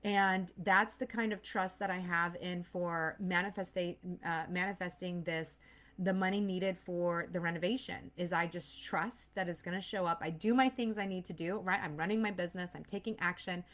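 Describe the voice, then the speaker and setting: A woman's voice: lowish voice, steady tone, moderate pace, a bit bright. A woman in her thirties who is expecting a baby gives an earnest, casual motivational talk as a mindset coach and host. She often acts out anxious inner voices. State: pregnant.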